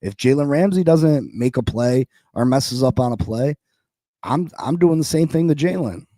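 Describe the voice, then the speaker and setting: A man's voice: mid-range voice, animated, moderate pace, dark tone, no room sound, clean studio sound. A man hosting a sports podcast, arguing in heated, incredulous talk and repeating lines for emphasis.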